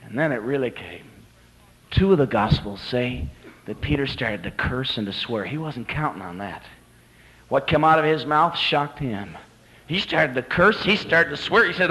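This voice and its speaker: A man's voice: mid-range voice, moderate pace, fairly bright tone, rough recording. A man preaching a sermon, telling a Bible story dramatically and rising to emphatic peaks.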